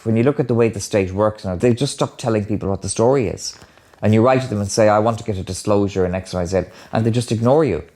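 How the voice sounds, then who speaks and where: A man's voice: fairly low pitch, fast, warm tone. A man in a documentary interview, insistent and questioning. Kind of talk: conversation.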